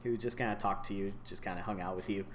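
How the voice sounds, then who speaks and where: A man narrating a tabletop game as game master, in a laid-back, halting way with lots of ums. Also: sits low, fairly even intonation, a little hiss or hum.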